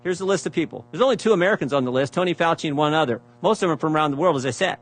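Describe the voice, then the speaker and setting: A man's voice: a little high, racing. A man giving a prepared speech at a hearing, reading out emails, repeating phrases for emphasis and asking pointed rhetorical questions. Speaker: speaker presenting evidence at a hearing.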